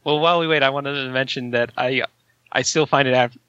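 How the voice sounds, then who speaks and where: A mid-pitched man with a bright tone talks in a casual podcast chat, stammering over his words and giggling. His audio is dull and lo-fi, and it sounds dry with no room around it. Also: fairly even intonation, a little fast, smooth, no room sound.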